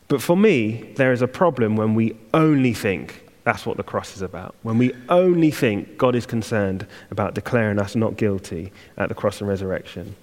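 A man preaches to a church congregation, talking it through plainly and turning now and then to a wry aside. His voice sits at an ordinary middle pitch. A long reverb hangs after each phrase, as in a large church. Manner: conversational, self-deprecating asides. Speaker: guest preacher. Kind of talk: sermon.

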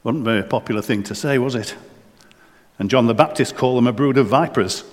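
A man's voice: mid-range voice, fairly quick. A man preaching a sermon in earnest, often repeating words and restarting phrases. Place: church. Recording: long church reverb.

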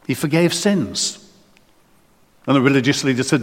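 Earnest preacher with a booming echo. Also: male voice, normal speed. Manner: earnest, repeats words and restarts often. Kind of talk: sermon. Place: church. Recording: long church reverb.

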